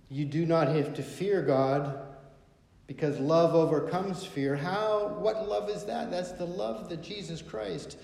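A man's voice: a little high, unhurried, gravelly, warm tone. A man preaching a sermon, quoting scripture with emphasis and asking rhetorical questions. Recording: echoey hall with long reverb.

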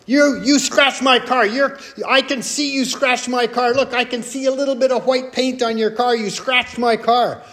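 A male preacher voicing an angry woman who insists a stranger scratched her car, shrill and repeating herself. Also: fairly even intonation, moderate pace, hardly any pauses, fairly bright tone, close to an everyday voice. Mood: accusing. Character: angry middle-aged woman accusing a stranger.

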